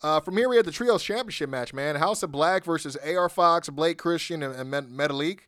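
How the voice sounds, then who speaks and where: A man hosting a casual podcast, telling what happened on a wrestling show with swearing and quick laughs. His voice sits a little high and comes through smooth and clear. The sound is close and dry. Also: no room sound. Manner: profane, laughing, animated retelling. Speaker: podcast host. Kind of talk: casual wrestling recap chat.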